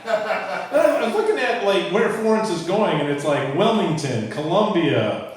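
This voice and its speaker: A man's voice: sits high, big pitch swings, unhurried. A man in his fifties from South Carolina doing a wry, self-deprecating stand-up comedy set. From Charleston, South Carolina. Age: 50s. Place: comedy club with live audience. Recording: echoey club audio from far off with crowd.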